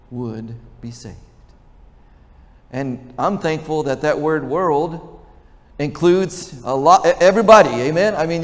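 Pastor preaching in reverberant church. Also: male voice, fairly high pitch. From Texas. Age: older. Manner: conversational, asks the congregation questions. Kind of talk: sermon. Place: large church sanctuary.

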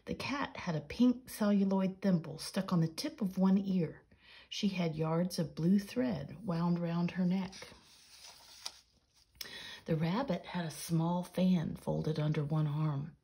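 A woman reads a children's story aloud with a raspy, gravelly voice pitched a little low. Her tone is dark and mellow, soft and breathy as she tells it. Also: takes it slowly.

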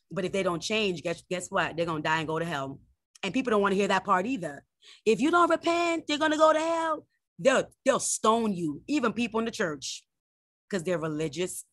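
A woman's voice: a bit bright, no echo. Fervent woman preaching online. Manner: fervent preaching with Bible quotes; mocks critics in a high voice. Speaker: minister leading morning prayer. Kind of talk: online prayer sermon.

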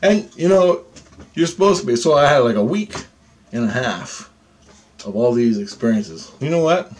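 A man telling a story about alien contact, swearing heavily, agitated and animated. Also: medium pitch, moderate pace. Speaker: self-described alien contactee. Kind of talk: storytelling monologue.

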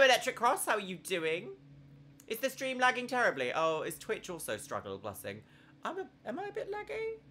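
A woman's voice: lowish voice, bright, forceful tone, slight background noise. A woman in her thirties streaming a horror game from home at a desk microphone, chatting casually and giggling, with big swoops in her voice. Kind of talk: casual live-stream commentary.

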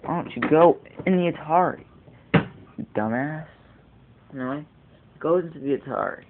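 A man's voice: fairly high pitch, animated, moderate pace, gravelly, narrow, tinny audio, a little hiss or hum. A teenage boy rambling through a casual video blog, digressing often and swearing casually. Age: teens. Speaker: vlogger.

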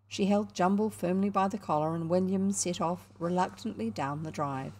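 A woman with a New Zealand accent narrating a children's book in a measured, expressive way. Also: fairly low pitch. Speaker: audiobook narrator. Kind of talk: storybook narration.

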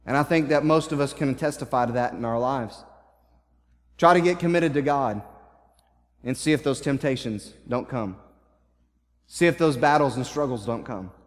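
Pausing often at a moderate pace, a mid-range male voice delivers an impassioned sermon in a church sanctuary, its long hall reverb clearly audible. He paraphrases scripture in the first person, often repeating and restarting his phrases.

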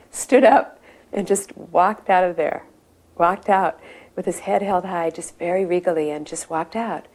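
A middle-aged woman tells a treasured memory in a steady, mid-range voice. She talks with reverence for her teacher. As the scene unfolds she leans into it with growing intensity, like a practiced storyteller. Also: mid-range voice. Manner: animated storyteller who builds intensity and speaks with reverence. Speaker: devotee recalling a spiritual teacher. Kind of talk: personal reminiscence.

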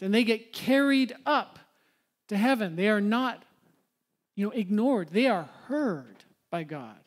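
Conversational male pastor preaching. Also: high-pitched. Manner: conversational, asks the congregation questions. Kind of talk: sermon. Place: church sanctuary.

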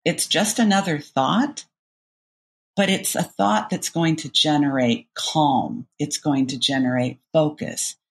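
A middle-aged woman coach with a gravelly, creaky edge to her voice explains ideas in a podcast interview. She talks with animated energy and acts out little inner voices as she goes. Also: deep voice, slow pace. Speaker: cognitive behavioral coach, guest.

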